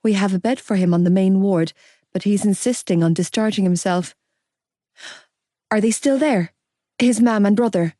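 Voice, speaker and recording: A woman's voice: medium pitch, normal speed, pauses often, warm tone, no room sound, lightly acted. A woman voicing a heartbroken, fiercely loyal young woman close to tears in an audiobook. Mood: urgent. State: crying.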